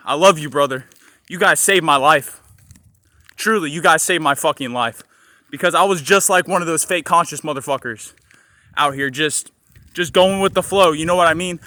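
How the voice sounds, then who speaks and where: Intense, bright-voiced man ranting outdoors. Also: on the high side, no room sound. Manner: intense, profane, preachy, repeats phrases for emphasis. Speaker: spiritual vlogger. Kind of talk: impassioned spiritual rant to camera. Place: outdoors in sunlight.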